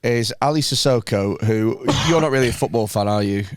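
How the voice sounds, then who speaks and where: A man's voice: medium pitch, brisk, dry recording. A man co-hosting a podcast, telling anecdotes in loose joking banter. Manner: joking banter, mock voices. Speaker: podcast co-host. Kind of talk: casual chat.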